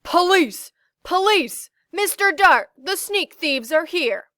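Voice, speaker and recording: A woman reading the part of a young boy hero, yelling his calls for help at full volume. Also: very high-pitched, animated, takes it slowly, no room sound, studio quality, pitched above the performer's own voice, full character voice. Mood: shouting. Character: young flat boy, brave and proud.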